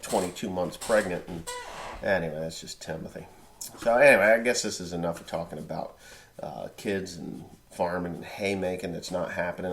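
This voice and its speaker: A man's voice: deep voice, a little hiss or hum. A middle-aged man, a farmer, talking casually and bluntly to the camera with crude jokes. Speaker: farmer vlogger.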